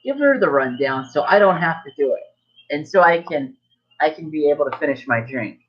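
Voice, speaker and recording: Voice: mid-range voice, expressive, normal speed, dull audio. A game master narrating a tabletop game in a casual, loose way, full of fillers.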